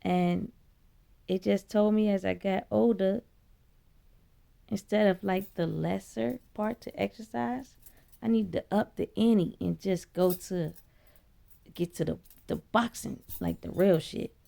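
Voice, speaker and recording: A woman telling a spiritual story in a blunt, profane, chatty way, her voice leaping high when she quotes herself. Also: slow pace, creaky, mellow. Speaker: vlogger. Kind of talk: casual spiritual storytelling monologue.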